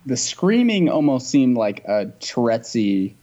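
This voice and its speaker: A man's voice: medium pitch, sing-song, unhurried, mellow. Man, casual movie chat, wry, laughs easily, slightly muffled sound.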